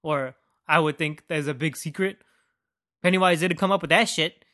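A man's voice: on the high side, moderate pace, pushed and bright, no room sound, studio quality. Rambling, profane male podcast host. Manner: rambling, profane, heavy use of "like". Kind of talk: casual podcast rant.

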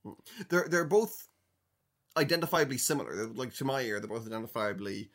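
A man's voice: medium pitch, expressive, fairly quick, a bit bright. An Irish man co-hosting a podcast, talking in a thoughtful way and searching for his words. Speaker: podcast co-host. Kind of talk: casual chat.

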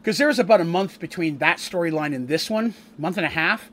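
Rambling game-master man, slightly high voice. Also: brisk, a bit bright, slight background noise. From Canada. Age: adult, eldest grandchild with a wife. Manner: rambling, digressive, restarts sentences often. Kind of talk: casual stream recap of a tabletop campaign.

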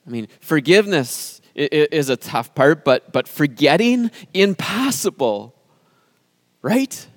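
A man's voice: a little high, very animated, no room sound, clean studio sound. Earnest man preaching a sermon. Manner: earnest, emphatic, with dramatic pauses. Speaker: pastor.

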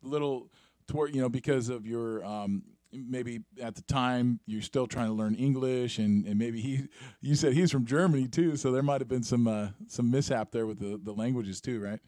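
Relaxed interview host, dry sound. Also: medium pitch, normal speed, dry recording. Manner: relaxed, with hesitant fillers. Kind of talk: casual interview.

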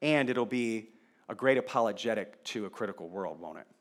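A man's voice: lowish voice, lively intonation, brisk. A male pastor preaching a sermon in a conversational way, asking the congregation rhetorical questions.

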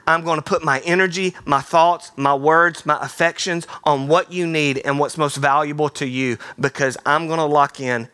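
A man preaching a sermon in a theater, energetic and playful, slipping into quick voices. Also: on the high side, clean tone, dry recording, clean studio sound. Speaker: pastor.

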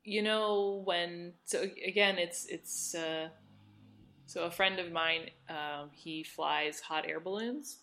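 A woman co-hosting a podcast, talking in a thoughtful, halting way with many restarts. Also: on the low side, bright, forceful tone. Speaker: podcast co-host. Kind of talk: casual chat.

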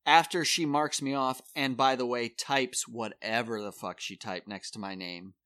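A man with a bright, forceful voice tells a story in a relaxed, chatty way. He jumps into the voices of the people he is quoting. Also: mid-range voice, moderate pace. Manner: animated storyteller, acts out quoted people. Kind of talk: casual storytelling chat.

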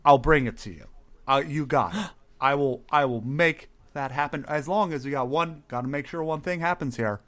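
A jolly, pushy Santa holds court in a fantasy tavern, booming out ho-ho laughs and stammering through his lines. A man puts him on in a voice pitched a bit high. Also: normal speed, a bit bright, lightly acted. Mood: scheming.

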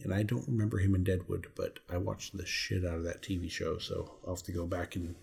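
A man's voice: low-pitched, flat delivery, brisk, creaky, a little mellow, breathy edge. A man co-hosting a movie podcast, casually running through an actor's credits and swearing now and then. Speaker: podcast co-host. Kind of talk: casual chat.

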